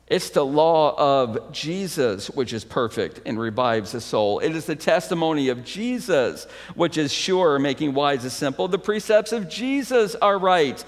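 A man preaching a sermon as pastor, emphatic, swinging between loud proclaiming and hushed, intimate stretches. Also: on the high side, lively intonation, a little slow, hardly any pauses, big-room sound.

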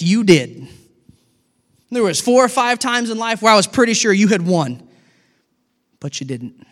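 Pastor, middle-aged man: high-pitched, lively sermon delivery, hall reverb. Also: normal speed, long pauses. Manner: animated, acts out dialogue with God.

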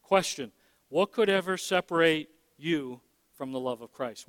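Emphatic high-voiced male pastor preaching. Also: normal speed, fairly bright tone, clean tone, dry recording, big-room sound. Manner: emphatic, repeats words, many fillers. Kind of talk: sermon.

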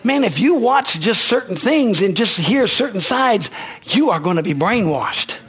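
A man's voice: high-pitched, very animated, measured pace, fairly bright tone, breathy edge. A man preaching a sermon as pastor, repeating lines for emphasis and calling out amen and hallelujah. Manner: emphatic preaching with rising exclamations.

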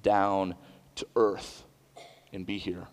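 A man's voice: low voice, flat delivery, slow. Man preaching in a reverberant hall. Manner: earnest, conversational preaching with restarts and asides. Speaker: pastor. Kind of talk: sermon.

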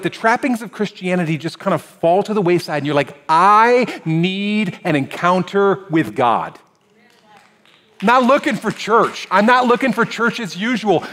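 A man delivering a conversational sermon in a high, bright-toned voice. He drops to quiet, low moments, then lifts into animated stretches. The sound carries a long reverb from a church sanctuary. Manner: conversational preaching, swings from hushed to animated. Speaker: pastor.

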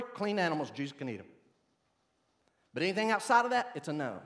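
Animated preacher man, fairly high voice. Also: fast, pauses often. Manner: animated, folksy, conversational preaching with rising emphasis. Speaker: pastor. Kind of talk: sermon.

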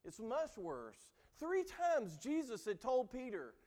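This male preacher has a very high-pitched, mellow voice that swoops wildly in pitch as he speaks slowly. Preaching earnestly and emphatically as pastor in a church, he dramatizes quoted lines with building emphasis, all under a long hall reverb.

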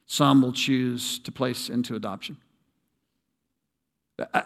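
A middle-aged man preaches from the pulpit with emphatic, animated delivery and homey asides. His voice sits a little high for a man. A long reverb from the big sanctuary trails behind every phrase. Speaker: pastor. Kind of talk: sermon. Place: large church sanctuary.

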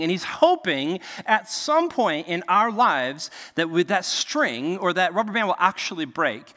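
A man in his thirties delivers a sermon with a bright, forceful voice that rises and falls a great deal. He talks in a conversational way and keeps asking his listeners "right?". A long reverb trails behind him, as in a large hall. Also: high-pitched. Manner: conversational and animated, frequent "right?" asides. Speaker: pastor.

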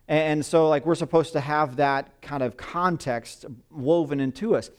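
A middle-aged man preaching a sermon in a conversational, halting way, with many fillers and restarts. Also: mid-range voice, smooth. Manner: hushed, reverent when praying. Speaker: pastor. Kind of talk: sermon with prayer.

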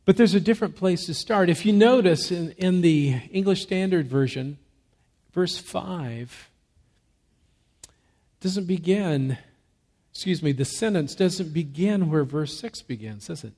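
Male pastor, sermon delivery, emphatic and measured, slightly raised pitch, nursing a cough. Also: lively intonation, darkish tone. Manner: measured, emphatic preaching with rhetorical questions. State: fighting a cough.

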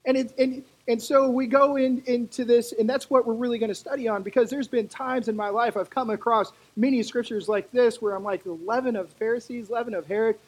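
Brief: preacher, husky tone, chatty sermon delivery with asides. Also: medium pitch, fairly quick, hardly any pauses, rough recording. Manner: conversational, animated storytelling with asides.

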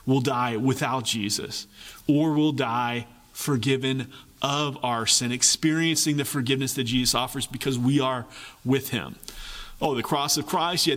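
A man's voice: medium pitch, fairly bright tone, big-room sound. Man preaching an earnest sermon. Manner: earnest preaching with repeated phrases and frequent pace shifts. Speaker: pastor.

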